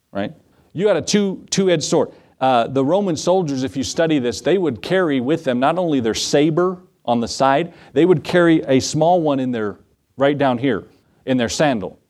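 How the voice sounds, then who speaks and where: A man's voice: medium pitch, lively intonation, moderate pace, a little mellow. A man in the role of pastor, preaching a sermon in a church, conversational, with asides and questions to the congregation. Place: church sanctuary.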